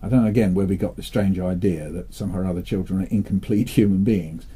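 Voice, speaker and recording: An older man from England chats in a relaxed interview, dry and playful, slipping into animated storytelling. His voice is very dark and mellow, with a husky edge, sitting a little low in pitch. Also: fast talker. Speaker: interviewee, children's author. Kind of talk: relaxed interview chat with joke-telling.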